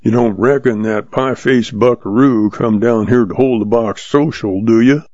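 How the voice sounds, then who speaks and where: A man's voice: medium pitch, moderate pace, darkish tone, no room sound, dull audio, close to an everyday voice. A man doing a sneering, surly old-west cowhand. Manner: drawling, scornful. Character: surly sneering male cowhand, middle-aged.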